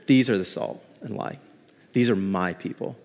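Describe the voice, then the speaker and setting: A preacher voicing calm, assured Jesus. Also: male voice, low-pitched, moderate pace, gravelly, long reverb tail, pitched below the performer's own voice. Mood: reassuring. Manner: calm, reassuring. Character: calm confident Jesus, grown man.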